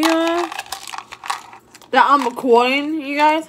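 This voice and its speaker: A woman's voice: extremely high pitch, measured pace, far from the mic, noisy background. A young woman vlogging casually from her bedroom, rambling and repeating "you guys" over and over. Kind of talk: casual chat to camera.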